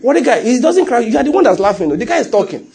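A man preaching a sermon in an animated way, full of laughing asides and acted-out quotes. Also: very high voice, quick pace.

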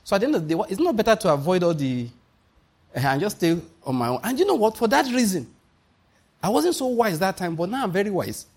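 Casting note: Nigerian male preacher, slightly high husky voice, jokey storyteller. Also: big pitch swings, fast, a little mellow. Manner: humorous, storytelling, often laughing. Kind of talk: conversational sermon.

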